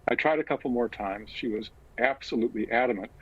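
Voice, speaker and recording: An older man and physician, recounting a personal story slowly and with measured pauses. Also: mid-range voice, husky, lo-fi sound. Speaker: guest, physician and author.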